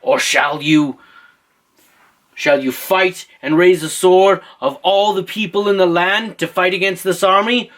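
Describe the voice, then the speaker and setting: A man's voice: high-pitched, steady tone, measured pace, a bit bright, pitched above the performer's own voice. A man voicing a cautious royal council, pressing the young king with urgent questions. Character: anxious royal council of men, cautious advisers.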